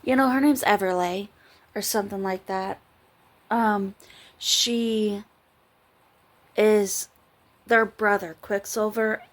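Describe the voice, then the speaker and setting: Speaking slowly and pausing often, this woman keeps a medium pitch and fairly even intonation. She's a book vlogger, tired and casual in a late-night chat about a book, and she rambles, giggles, drifts off mid-thought, and restarts.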